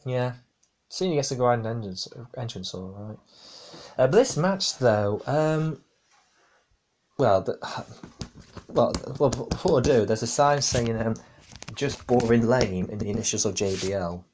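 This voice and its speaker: A man's voice: medium pitch, animated, measured pace, pauses often, a little mellow, a little hiss or hum. A man hosting a casual podcast, rambling with many fillers and restarts. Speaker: podcast host. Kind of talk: casual wrestling review podcast.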